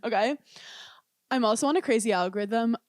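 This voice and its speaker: A young woman co-hosting a podcast, chatting casually and telling animated, giggly stories full of "like". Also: on the high side, brisk, no room sound, studio quality. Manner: giggly, animated storytelling with frequent "like". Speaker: podcast co-host. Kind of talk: casual chat.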